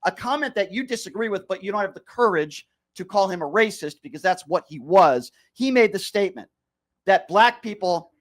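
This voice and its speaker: A man's voice: sits high, expressive, normal speed. A male radio host arguing with a caller on a call-in show, combative and sarcastic, often interrupting. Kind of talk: heated call-in radio debate.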